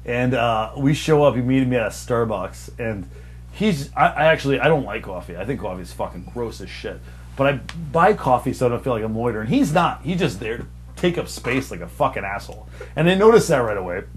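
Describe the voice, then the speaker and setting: A man's voice: medium pitch, animated, brisk, soft background music. A young adult man hosting a podcast, telling stories in a rambling, mocking way with plenty of swearing. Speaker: podcast host. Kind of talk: casual storytelling chat.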